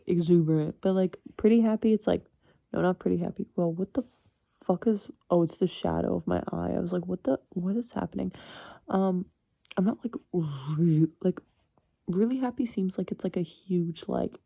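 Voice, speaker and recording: A young woman of eighteen chats alone late at night, rambling and blunt, with plenty of swearing and small laughs. Her voice sits fairly low with a heavy vocal fry and a very mellow, dark tone. The sound is dry and close, with no room around it. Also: no echo. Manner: rambling, frank, swears freely, chuckles often. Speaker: university student. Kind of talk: casual late-night solo chat.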